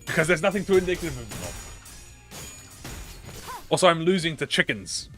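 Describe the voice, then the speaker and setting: A man's voice: on the high side, very animated, moderate pace, sharp tone, soft background music. A man streaming a game, bantering with chat in a playful, mock-threatening way with theatrical, swearing outbursts. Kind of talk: casual livestream gaming commentary.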